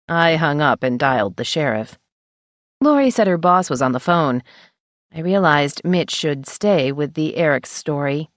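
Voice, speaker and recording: Low-voiced woman narrating an audiobook. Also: expressive, a little slow, no room sound, clean studio sound. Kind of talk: first-person scripted narration.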